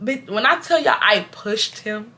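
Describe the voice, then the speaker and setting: Bright-voiced animated young woman storyteller. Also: on the high side, unhurried. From Houston, Texas. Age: 20s. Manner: animated, loud acted-out quotes; addresses viewers as y'all. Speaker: storytime vlogger. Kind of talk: casual storytime vlog.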